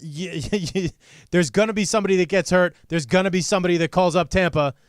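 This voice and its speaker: A man co-hosts a casual sports show, talking bluntly with a sarcastic edge. His voice sits a little high. The sound is dry and close, with no room around it. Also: quick pace, no room sound. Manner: blunt, sarcastic, mimics fans in quotes. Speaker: sports podcast co-host.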